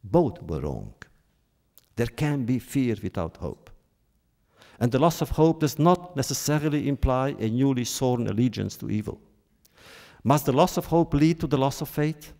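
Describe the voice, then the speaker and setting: Solemn man lecturing with a gravelly voice. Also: medium pitch, animated, dark tone. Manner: solemn, measured, with emphatic rises on key words. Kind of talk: formal public lecture.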